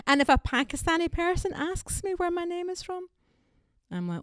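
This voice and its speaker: A woman performs a stand-up set in a wry, punchy way. Her pitch swings widely from line to line. The recording is dry and close, with no room sound. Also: very animated, moderate pace, dry recording. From Scotland. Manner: wry, punchy delivery with quoted voices. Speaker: stand-up comedian.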